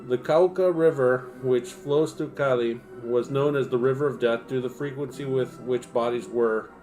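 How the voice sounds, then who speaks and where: A man's voice: mid-range voice, moderate pace, darkish tone, faint music behind. A man on a home livestream reading nonfiction aloud and breaking off into profane, self-mocking asides. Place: home streaming setup.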